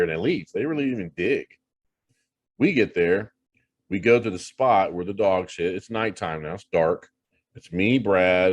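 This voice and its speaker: Middle-aged male guest with a deep voice; lively, profane, repetitive storyteller. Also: no echo. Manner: animated, swears freely, repeats himself for emphasis. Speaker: paranormal investigator guest. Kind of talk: casual storytelling.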